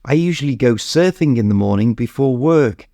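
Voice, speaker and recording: A man's voice: medium pitch, lively intonation, normal speed, warm tone, dry recording, clean studio sound, natural voice. A man voicing a big, friendly young surfer with an Australian accent, upbeat and encouraging.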